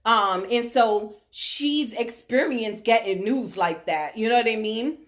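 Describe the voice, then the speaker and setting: A middle-aged vlogger tells her audience the story of her diagnosis in a slightly high, unhurried voice. She speaks emphatically and often checks in with her listeners.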